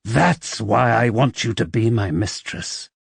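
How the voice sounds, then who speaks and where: Casting: a brooding young nobleman, read by a male narrator, coaxing and intense, with a lively pitch. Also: measured pace, gravelly, breathy edge, no echo, heavily acted.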